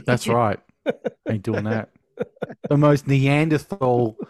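Australian man, podcast guest, animated storyteller, salty language, dry close mic. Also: medium pitch, takes it slowly, no room sound. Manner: animated, swears freely, laughs through stories. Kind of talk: casual podcast chat.

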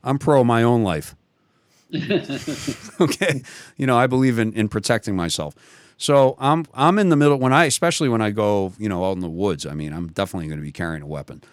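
A man's voice: mid-range voice, fairly quick, no echo, studio quality. A man telling a personal story in a casual conversation, rambling, often restarting his sentences and chuckling as he goes. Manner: rambling, many restarts and self-corrections. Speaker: guest.

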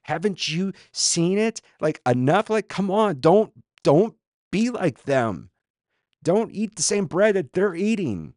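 A man voicing an exasperated teacher who presses his slow students with rapid, pleading rhetorical questions. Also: high-pitched, sing-song, darkish tone, dry recording, voice pushed up, exaggerated voice.

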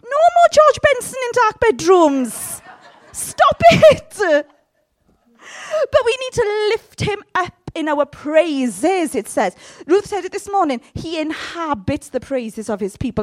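A woman giving a sermon in a humorous, conversational way, with sudden loud, high outbursts. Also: no echo. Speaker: preacher.

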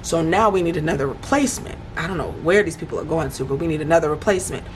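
Chatty woman recapping with lively energy. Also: deep voice, racing, a little hiss or hum. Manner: chatty and animated, with laughs and quoted voices. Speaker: recap vlogger. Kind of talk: casual reality-show recap.

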